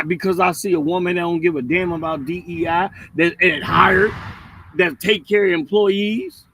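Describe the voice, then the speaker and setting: A man hosting a livestream, ranting in a blunt, profane and mocking way, with swings between loud and quiet. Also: high-pitched, normal speed, no echo, poor audio. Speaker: livestream host. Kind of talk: heated livestream rant.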